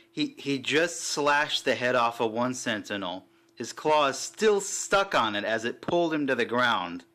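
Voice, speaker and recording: A man chatting casually and excitedly while reviewing a collectible figure, swearing now and then. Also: medium pitch.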